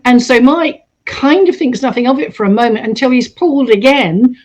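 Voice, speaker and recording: Animated woman telling a true story. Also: fairly high pitch, moderate pace, hardly any pauses. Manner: animated, acts out quoted voices. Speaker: storyteller host. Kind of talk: casual storytelling.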